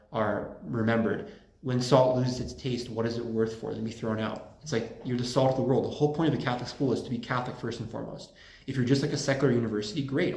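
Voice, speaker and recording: A man delivers a relaxed lecture to a small group at a campus center, joking freely and wandering into anecdotes. His mid-pitched voice carries a roomy echo from the space around him. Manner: joking, rambling, fond of anecdotes. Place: room at a campus Catholic center.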